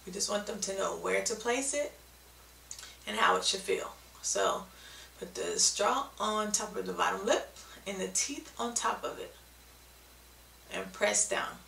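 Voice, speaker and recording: A woman's voice: medium pitch, a little slow, creaky, long pauses, a bit bright, echoey room, far from the mic, slight background noise, poor audio. A woman giving a patient, step-by-step video lesson on speech sounds, often checking in with "okay?". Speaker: speech therapy teacher.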